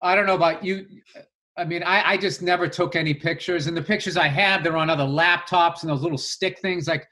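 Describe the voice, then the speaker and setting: A man's voice: a little high, fairly even intonation, a little fast, bright, forceful tone. A middle-aged man, a comedian co-hosting a podcast, talking in a rambling, self-deprecating way with many restarts. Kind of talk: casual chat.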